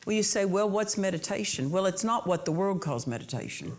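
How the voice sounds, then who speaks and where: A woman's voice: medium pitch, expressive, brisk. A woman preaching a sermon, earnest and emphatic, repeating key phrases for emphasis.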